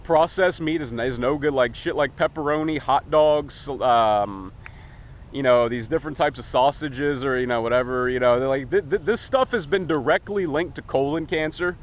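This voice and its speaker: A man's voice: medium pitch, normal speed, slight background noise. A man vlogging in a rambling, profane, jokey way, recorded outdoors in a city. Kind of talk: casual opinion vlog.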